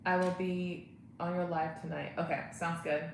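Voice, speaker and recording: A woman's voice: on the low side, level tone, moderate pace, vocal fry. A young woman hosting a casual livestream from home, chatting and answering viewer comments. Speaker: livestream host. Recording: echoey room, faint ambient noise.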